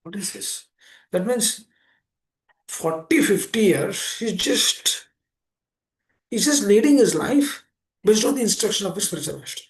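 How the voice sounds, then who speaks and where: A man preaches earnestly, with a gravelly, fry-tinged voice sitting a bit high for a man. He often repeats himself and poses rhetorical questions to his listeners. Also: very animated, a little slow, long pauses. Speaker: speaker giving a scripture class. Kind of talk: sermon.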